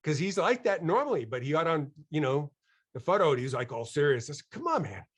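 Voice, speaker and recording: A man presenting a webinar on marketing to a live audience, energetic and enthusiastic, joking with the crowd and asking people to raise their hands. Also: fairly high pitch, a little fast, husky.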